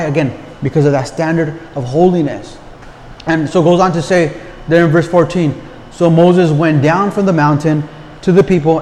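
A man's voice: a little high, a little mellow. A man preaching a conversational sermon, often repeating words and asking the listeners rhetorical questions. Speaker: pastor. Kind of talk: casual sermon. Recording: long hall reverb, faint background noise.

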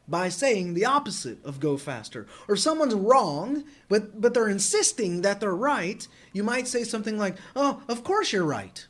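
A man preaching a sermon in an earnest tone, often repeating words as he presses a point. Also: high-pitched. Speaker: pastor.

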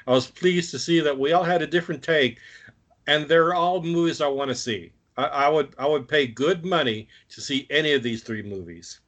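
A man co-hosting a podcast in casual chat, easygoing and measured. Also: on the high side, fairly bright tone. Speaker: podcast co-host.

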